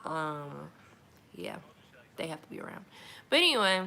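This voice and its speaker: Chatty young woman vlogging, gravelly and bright. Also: low voice, wildly swooping pitch, unhurried, long pauses, a little hiss or hum. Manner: candid, chatty, emphatic with frequent "like" and "girl". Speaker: vlogger, single mom. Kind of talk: casual chat to camera.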